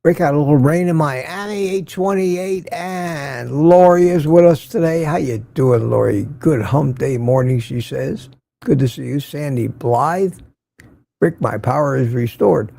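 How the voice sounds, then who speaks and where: An older man hosts a relaxed morning livestream, reading out viewer comments and greeting each person warmly by name. His voice is gravelly and mellow, set a little high for a man. It is recorded close and dry, with no room sound. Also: a little slow, no echo. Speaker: livestream host.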